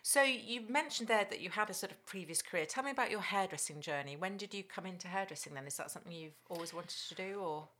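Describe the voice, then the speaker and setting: A woman's voice: lowish voice, fast talker, few pauses. A woman hosting an interview in a podcast studio, asking questions and laughing along with her guest. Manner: warm, laughing interviewer with many fillers. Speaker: podcast host.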